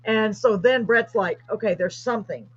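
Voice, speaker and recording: Over dull, lo-fi livestream audio, a woman hosting a casual chat tells a story with animated excitement. Her voice sits in the mid-range with a breathy edge, and she speaks at a moderate pace.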